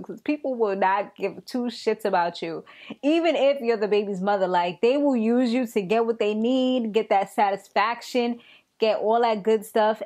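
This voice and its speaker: A young woman casually recapping a TV episode in an animated, slangy way. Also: mid-range voice. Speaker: TV recap vlogger.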